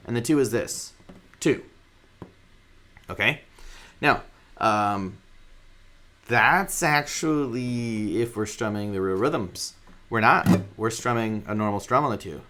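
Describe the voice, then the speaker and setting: A man's voice: mid-range voice, animated, a little slow, fairly bright tone. A man teaching a guitar rhythm lesson in a casual, joking way, counting beats aloud while he strums.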